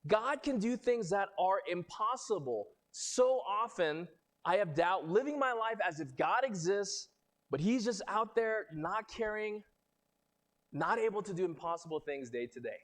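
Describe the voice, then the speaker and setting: A man's voice: lively intonation, a little slow. A young adult man, a pastor, reading scripture and preaching a sermon in a conversational way, lifting his voice when he quotes people. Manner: conversational preaching, rising pitch on quoted lines.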